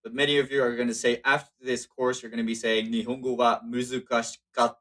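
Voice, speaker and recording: A man walks through a language lesson in a loose, conversational way. He is even in pitch, stops to correct himself, and fills his pauses with "uh" and "um". It sounds like an informal tutorial. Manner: relaxed, explaining with frequent fillers and self-corrections. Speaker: Japanese language teacher. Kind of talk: casual spoken lesson walkthrough.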